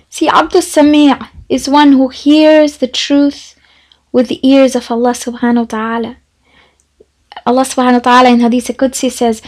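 A woman Quran teacher giving a measured, reflective religious talk with a retold story. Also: high voice, darkish tone, rough recording.

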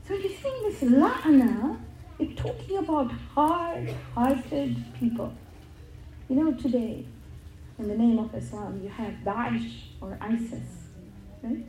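A woman's voice: on the high side, lively intonation, slow pace, mellow, reverberant, a little hiss or hum, low-quality recording. A middle-aged woman giving an earnest religious talk, telling stories and repeating words for emphasis. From England. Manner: earnest storytelling with emphatic repetition. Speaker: religious speaker.

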